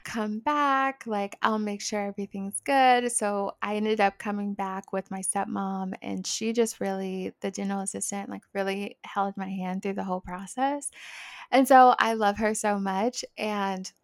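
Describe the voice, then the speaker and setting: A woman's voice: medium pitch, unhurried, vocal fry, no echo, studio quality. Chatty woman in her twenties. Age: 20s. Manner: chatty, animated, lots of "like" fillers. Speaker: vlogger. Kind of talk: casual storytelling.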